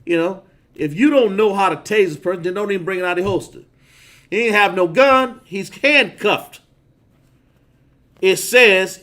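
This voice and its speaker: A man preaching a sermon over a phone livestream, reading scripture with heavy drawn-out stresses and chatting with viewers. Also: sits high, fairly bright tone. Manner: emphatic, drawn-out stresses, chats with viewers between verses.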